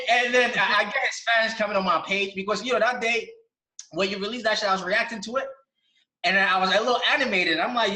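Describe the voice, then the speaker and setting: A man hosting an interview, talking in an animated way with lots of profanity. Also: sits high, a little fast, roomy sound, poor audio. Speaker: interview host. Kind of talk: casual interview talk.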